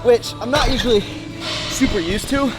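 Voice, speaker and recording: A man's voice: very high-pitched, normal speed, over music. A young man in his twenties, a fitness vlogger talking casually to a handheld camera, upbeat and rambling with plenty of fillers. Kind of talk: casual vlog chat. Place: gym, office and car.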